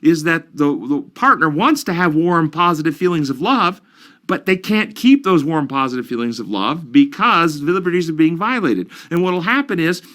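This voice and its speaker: A man's voice: fairly high pitch, expressive, normal speed, fairly bright tone. A man counseling and explaining ideas earnestly in an interview, using examples and questions. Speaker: counselor guest.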